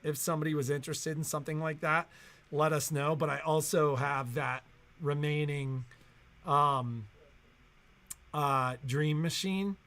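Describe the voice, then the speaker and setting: Slow rambling bright-voiced man. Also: a little high, steady tone. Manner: slow, rambling with many fillers. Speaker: sewing shop co-host. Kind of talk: casual shop chat.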